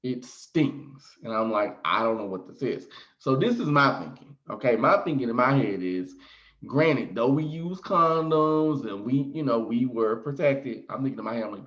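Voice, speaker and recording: A man's voice: medium pitch, animated, normal speed, fairly bright tone, lo-fi sound. A man telling a frank personal story to his viewers in a casual, theatrical way, acting out his own reactions. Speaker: storyteller vlogger.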